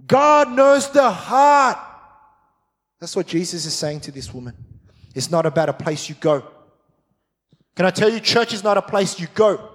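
A man's voice: on the high side, a little fast, long pauses. A middle-aged man preaching a sermon as pastor, fired-up and emphatic with repeated phrases. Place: large church hall. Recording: long church hall reverb.

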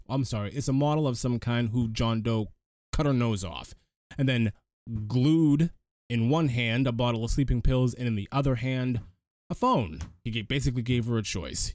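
Male podcast host, animated recap delivery, dry close-miked sound. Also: medium pitch, dry recording. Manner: animated storyteller, frequent restarts. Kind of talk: casual film recap chat.

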